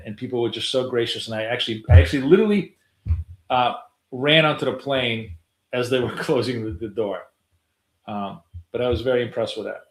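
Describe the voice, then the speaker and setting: A man's voice: mid-range voice, brisk. A middle-aged man trading live on a stream, chatting casually, rambling and swearing offhandedly, with lots of fillers. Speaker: day trader streaming live. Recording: roomy, echoey room.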